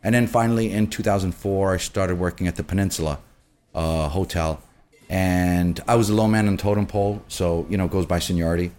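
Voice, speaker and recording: A man in hospitality telling stories in a casual chat, acting out the people he quotes with lively energy. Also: deep voice, fairly quick. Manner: animated, acts out quoted people. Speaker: bar and restaurant group manager. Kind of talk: casual conversational storytelling.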